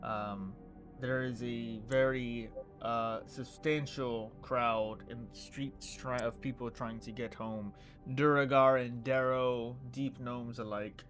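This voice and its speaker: A man narrating a tabletop game as game master, in a measured, descriptive way. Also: mid-range voice, steady tone, a bit bright, faint music behind.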